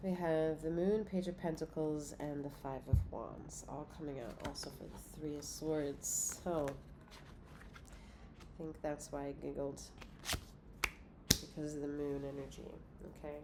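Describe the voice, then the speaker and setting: A woman's voice: low voice, steady tone, measured pace, noisy background. A congested woman giving a casual, profane tarot reading to her viewers, giggling between cards. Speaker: tarot reader.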